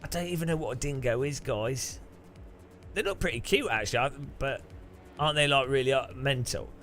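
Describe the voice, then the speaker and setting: A man's voice: medium pitch, brisk, a bit bright, faint music behind. A man hosting a casual livestream, reading out viewer donations and reacting to them with puzzled, laughing chatter. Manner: bemused, chatty, laughs often and swears. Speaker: streamer host. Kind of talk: casual livestream chat while racing.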